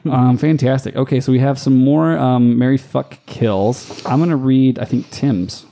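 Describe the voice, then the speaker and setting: A man's voice: medium pitch, fairly even intonation, normal speed, mellow. A man co-hosting a casual podcast, laughing often as he reads listener emails aloud. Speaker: podcast co-host. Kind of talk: casual chat.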